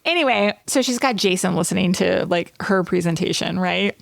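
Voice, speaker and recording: A woman's voice: on the low side, gravelly, no room sound, studio quality. A woman co-hosting a podcast, chatting casually and animatedly about a TV episode. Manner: animated, chatty, quick laughs. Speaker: podcast co-host. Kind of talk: casual chat recapping a TV episode.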